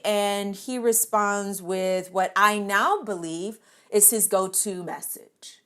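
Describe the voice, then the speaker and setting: Slow, animated woman telling a funny story. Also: medium pitch. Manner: animated, expressive, laughs often, stammers in excitement. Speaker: podcast storyteller. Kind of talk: comic personal storytelling.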